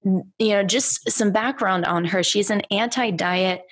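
A woman hosting a podcast in casual chat, bubbly and quick to laugh, swearing now and then. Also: mid-range voice. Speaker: podcast host.

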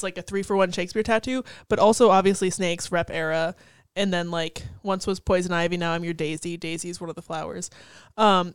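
A woman's voice: lowish voice, clean tone, no room sound, clean studio sound. A young woman co-hosting a podcast in casual chat, blunt and profane, laughing easily. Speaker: podcast co-host.

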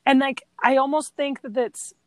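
A woman with a fairly high voice chats easily about a film, agreeing and recapping scenes. The recording is dry and close. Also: fairly even intonation, moderate pace, no echo. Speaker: podcast co-host. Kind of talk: casual film discussion.

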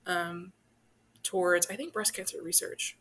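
A woman co-hosting a podcast in casual chat, hesitant and filling pauses with "um" and "like". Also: lowish voice, steady tone, a bit bright, a little hiss or hum. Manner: hesitant, full of "um" and "like". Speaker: podcast co-host.

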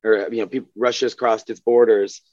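A man's voice: lowish voice, little pitch movement, normal speed, a little mellow, no room sound, lo-fi sound. A man guest on a podcast, talking earnestly and with worry in casual conversation. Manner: earnest, worried.

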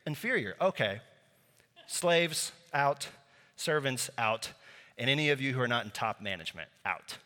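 A man preaching a sermon, conversational and joking, lively with his congregation. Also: mid-range voice, moderate pace. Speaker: pastor. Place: church sanctuary. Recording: reverberant church hall.

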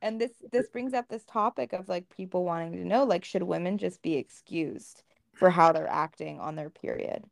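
A woman's voice: on the low side, normal speed, gravelly. A woman co-hosting a podcast, talking candidly and casually, swearing freely and acting out what others said. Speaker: podcast co-host.

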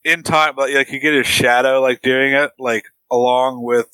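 A man co-hosting a podcast in casual chat, chiming in with short remarks and quick agreement. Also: mid-range voice, clean tone, no echo, poor audio. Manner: relaxed, chimes in with short agreeing remarks and laughs. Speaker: podcast co-host.

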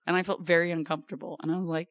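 A woman's voice: fairly low pitch, little pitch movement, racing, no echo, clean studio sound. A woman in her thirties, a podcast guest chatting casually with a wry, self-deprecating humor. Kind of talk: casual chat.

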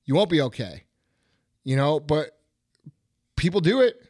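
A man's voice: on the high side, sing-song, a little slow, a little mellow, no echo, clean studio sound. A middle-aged man hosting a podcast, ranting bluntly and profanely in casual chat. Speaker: podcast host.

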